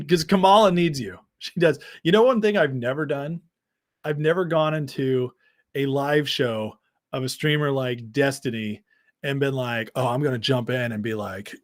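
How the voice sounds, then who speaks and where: A man's voice: medium pitch, moderate pace, no echo, clean studio sound. An American man hosting a live stream, reacting to clips and the chat with laughing, sarcastic commentary. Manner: mocking, laughing, sarcastic asides. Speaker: streamer host.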